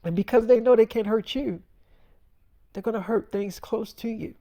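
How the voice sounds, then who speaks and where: A man's voice: high voice, moderate pace, dark tone, dry recording. A man voicing his own future self in a made-up story, warning him in an insistent, serious way. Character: grave man from the future, urgent warner.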